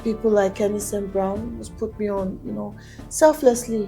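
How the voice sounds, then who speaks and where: A woman's voice: mid-range voice, fairly even intonation, moderate pace, vocal fry, mellow, faint music behind. A woman singer, a guest in an interview, telling her story with animation and acting out other people's voices when she quotes them.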